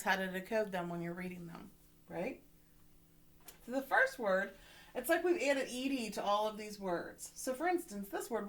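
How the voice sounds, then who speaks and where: A woman's voice: mid-range voice, fairly bright tone. A woman teacher giving a phonics lesson to young children from home, encouraging and often checking in with "right?".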